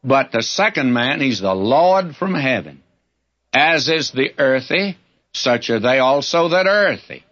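A man teaching through a Bible passage in sermon style, folksy and emphatic, with lively storytelling asides. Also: mid-range voice, a little slow, muffled recording.

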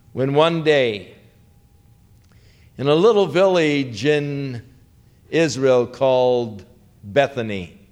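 A man preaching a sermon, slow and dramatic, with rising questions and hushed quotes. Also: medium pitch. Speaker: pastor.

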